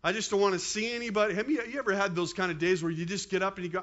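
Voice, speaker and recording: A man in his fifties preaching a sermon as pastor, in an animated, conversational way with quick asides to the congregation. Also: sits high, lo-fi sound.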